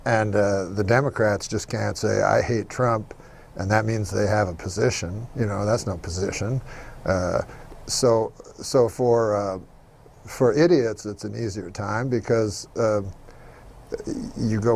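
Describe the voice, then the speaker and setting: Man, interview guest, gravelly low voice, hesitant, faint background noise. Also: fairly even intonation, measured pace, a little mellow. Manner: hesitant, restarts with "uh". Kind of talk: casual interview chat.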